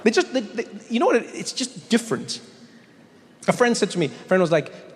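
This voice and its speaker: A man performing a stand-up routine on a large stage, telling stories in an animated way and stumbling over restarts. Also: sits high, normal speed, in a large hall. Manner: animated storytelling, stammers on restarts. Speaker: stand-up comedian.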